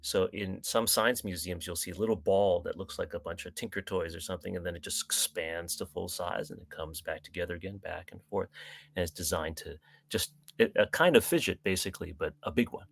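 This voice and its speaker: A man's voice: deep voice, fairly quick, gravelly, a bit bright. A man, a guest astronomer and author, explaining ideas with enthusiasm on a podcast. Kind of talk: casual podcast chat.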